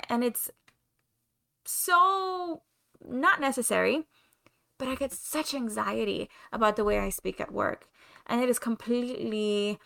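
Gravelly-voiced woman with a Spanish accent. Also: on the high side, fairly bright tone. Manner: open, confessional, searching for words. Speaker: podcast host. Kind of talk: candid solo podcast monologue.

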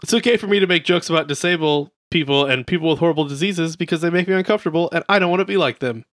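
A man co-hosting a casual comedy podcast, reading comedians' jokes aloud in a deadpan way between crude banter. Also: a little high, racing, no echo, studio quality. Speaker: podcast co-host.

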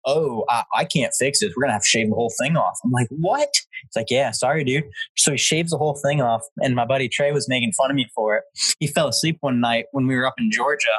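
A man in his twenties, a guest telling funny stories in a casual chat, lively and laughing as he quotes people. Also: mid-range voice, breathy edge, no room sound, low-quality recording. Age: 20s. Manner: laughing, animated retelling with quoted voices. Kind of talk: casual storytelling.

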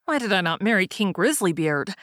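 A woman's voice: medium pitch, sing-song, a little fast, fairly bright tone, no echo, clean studio sound. A woman reading a storybook aloud, voicing a proud young princess who is haughty and then plaintive.

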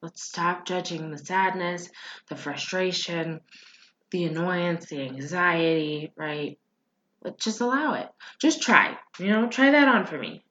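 Earnest woman, low and roomy. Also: expressive, measured pace, a bit bright. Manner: earnest, reassuring, repeats "right?". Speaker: podcast host and coach. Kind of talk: casual motivational talk. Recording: roomy, dull lo-fi sound.

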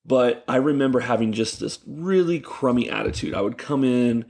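A young man, a youth pastor, telling animated stories in casual chat with lots of fillers. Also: medium pitch, normal speed, slightly rough. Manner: animated, laughing storyteller with many fillers. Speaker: youth pastor, podcast guest.

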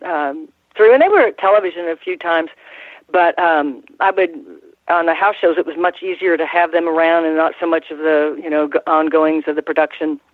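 An older woman, a guest in an interview, telling stories in a rambling, halting way with frequent restarts and laughs. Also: sits low, dry recording. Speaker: guest, former ring announcer. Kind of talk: casual interview storytelling. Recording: tinny phone line.

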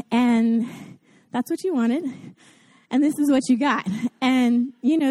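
A woman with a Southern US accent preaches a relaxed Mother's Day sermon, her voice sitting a little high. She talks to the congregation like friends, poking fun at herself and slipping into playful voices now and then. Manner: chatty and self-deprecating, acts out gushing voices. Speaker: guest preacher at a church service.

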